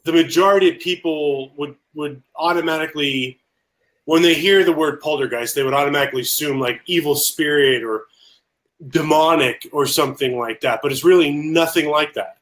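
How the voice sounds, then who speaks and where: A man's voice: fairly high pitch, normal speed, a bit bright. A man hosting a casual podcast, rambling and apologizing as he loses track of his thoughts. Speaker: podcast host.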